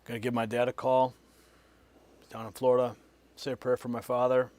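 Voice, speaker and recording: A man hosting a live online news show, switching between a loud, punchy scripted read and quiet, muttered asides to his crew. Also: mid-range voice, monotone, brisk.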